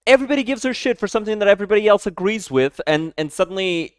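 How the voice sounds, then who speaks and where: A man reacting live as a streamer, casual and heated, swearing and breaking into loud sudden outbursts. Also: high voice, quick pace, smooth, no room sound, clean studio sound.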